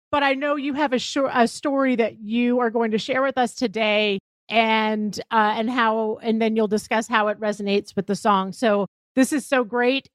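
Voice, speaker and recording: A woman's voice: a little high, no echo, clean studio sound. A woman hosting a podcast, introducing her guest with enthusiastic, eager chat. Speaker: podcast host. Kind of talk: casual interview chat.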